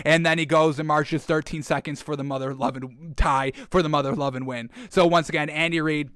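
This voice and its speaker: Bright, excitable male sports show host. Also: fairly high pitch, brisk, few pauses, clean tone, dry recording, studio quality. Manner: excitable, rants and repeats himself. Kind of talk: casual sports commentary.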